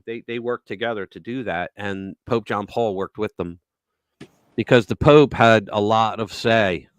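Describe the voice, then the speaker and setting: A man's voice: on the low side, a bit bright, smooth, dry recording. Rambling middle-aged man, dry close sound. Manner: rambling storyteller, acts out quotes. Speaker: podcast host. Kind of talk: casual talk show chat.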